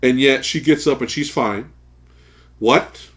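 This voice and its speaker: A man co-hosting a casual podcast chat, telling stories in a profane, animated way and laughing often. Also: medium pitch, normal speed. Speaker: podcast co-host.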